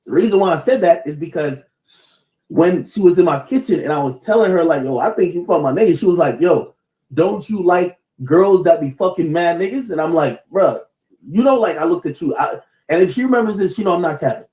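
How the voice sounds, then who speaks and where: Male streamer, fairly high and lively, mellow tone, roomy echo, stammering and defensive. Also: a little fast. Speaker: livestreamer. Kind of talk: livestream storytelling.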